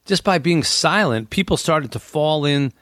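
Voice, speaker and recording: A man's voice: a little high, lively intonation, a little slow, fairly bright tone, no room sound, clean studio sound. A man hosting a casual talk, explaining ideas and acting out what people say. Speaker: host. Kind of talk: casual podcast chat.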